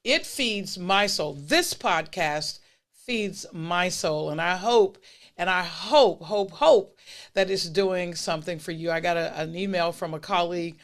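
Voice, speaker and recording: A podcast host speaks straight to listeners with warm encouragement. The host sets out advice as numbered points at a steady, unhurried pace and repeats each key phrase to drive it home. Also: mid-range voice. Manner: steady, unhurried delivery with list-style points. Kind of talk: motivational holiday message to listeners.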